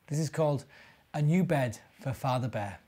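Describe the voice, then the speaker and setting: A man, a minister, gently reading a storybook and talking to young children. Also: medium pitch, normal speed.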